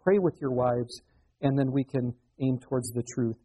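A middle-aged man preaching with a slightly husky, mellow tone. He talks to his listeners conversationally and asks them rhetorical questions. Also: mid-range voice, moderate pace, rough recording. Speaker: pastor. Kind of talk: sermon.

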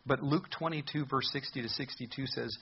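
A man's voice: mid-range voice, a little fast, vocal fry, husky, lo-fi sound. A man preaching a sermon as a pastor, earnest and conversational in his delivery.

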